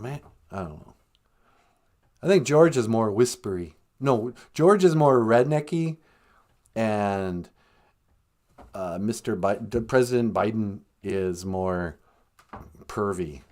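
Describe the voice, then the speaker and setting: A man's voice: fairly low pitch, sing-song, slow pace, pauses often, a little mellow. A man hosting a comedic podcast, joking sardonically and laughing at his own jokes. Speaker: podcast host.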